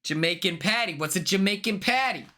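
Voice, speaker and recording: A man live-streaming, chatting and gaming in an excitable, rambling way that repeats itself. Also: high voice, a little fast.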